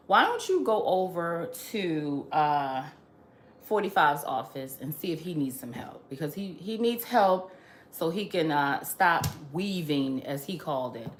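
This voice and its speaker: Lively, slow-talking woman lecturing. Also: on the low side, echoey room. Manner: emphatic, repetitive, lecturing. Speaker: host. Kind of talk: opinion monologue.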